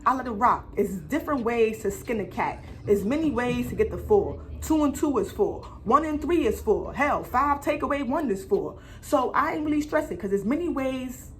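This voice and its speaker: A woman telling a story on her vlog in an animated way, full of swearing and slang. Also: fairly high pitch, normal speed, few pauses, a little hiss or hum. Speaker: vlogger.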